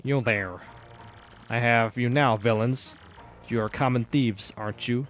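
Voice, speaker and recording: A man's voice: mid-range voice, measured pace, faint music behind, natural voice. A man voicing a pompous, theatrical male villain officer in a game playthrough.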